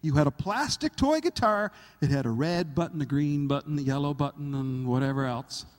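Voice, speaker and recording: A man's voice: a little high, a little fast, long reverb tail. A man preaching a sermon as pastor, telling stories with acted-out quotes and laughter. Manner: animated, acts out quotes and laughs at his own stories. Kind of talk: sermon with storytelling.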